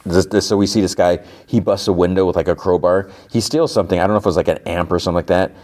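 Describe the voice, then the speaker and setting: A man's voice: sits low, fairly even intonation, racing, darkish tone. A man hosting a podcast, casually recapping a TV episode in a rambling way with lots of fillers. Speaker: podcast host.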